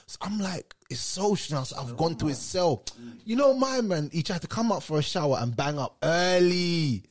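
A man's voice: fairly high pitch, moderate pace. A man chatting casually as a guest, telling a story in heavy street slang and acting out what others said. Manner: animated storyteller, heavy street slang, acts out quoted voices. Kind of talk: casual chat.

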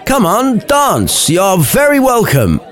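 A man's voice: high-pitched, wildly swooping pitch, slow, fairly bright tone, faint music behind, a faint crowd, voice pushed up, heavily acted. A man voicing a boastful, jovial older lord hosting a party in a comic storybook retelling, hearty and pushy.

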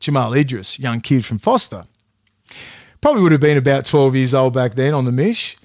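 A man's voice: medium pitch, lively intonation, normal speed, a little mellow, no room sound, studio quality. A man co-hosting a podcast, telling stories in a casual way, swearing, restarting sentences and acting out quotes. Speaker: podcast co-host. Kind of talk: casual storytelling chat.

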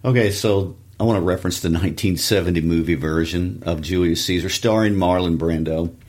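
A man co-hosting a casual literature lesson, giving quick background summaries with joking asides. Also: sits low, a little mellow.

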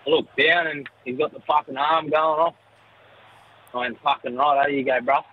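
An Australian man telling a crude story in a recorded voice message, with a slightly high voice. The sound is dull and muffled, with faint vehicle noise behind him. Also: fairly even intonation, moderate pace. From New South Wales. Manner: crude storyteller, heavy swearing. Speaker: caller.

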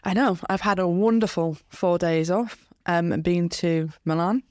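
A woman's voice: lowish voice, a little slow, no room sound, studio quality. A woman in her thirties with a British accent, co-hosting a podcast in casual chat, giggly and eager to tell stories. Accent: British English. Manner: giggly, chatty, animated storytelling. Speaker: podcast co-host.

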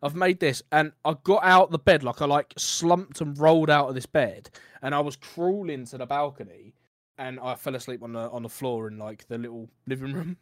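A man's voice: mid-range voice, fairly even intonation, normal speed, hardly any pauses, a bit bright, no echo, studio quality. A young British man co-hosting a podcast, rambling through an anecdote and laughing as he goes. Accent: British English. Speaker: podcast co-host. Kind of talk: casual chat, rambling anecdote.

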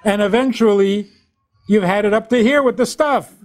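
A man's voice: sits high, normal speed, a little mellow. A man, a rabbi giving a humorous lecture on relationships, who tells stories, acts out little dialogues and slips in wry jokes.

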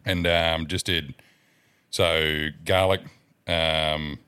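A man's voice: very deep voice, flat delivery, drawn-out words, bright, forceful tone, clean tone. An Australian man, a podcast guest, chatting in a laid-back way, giving detailed accounts and swearing casually. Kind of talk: casual chat.

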